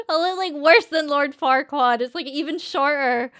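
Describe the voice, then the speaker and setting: A woman's voice: high-pitched, moderate pace, few pauses, a bit bright. Chatty Scottish young woman streamer. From Scotland. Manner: rambling and chatty, lots of fillers and giggles. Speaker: streamer and voice actress. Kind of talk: casual storytelling chat.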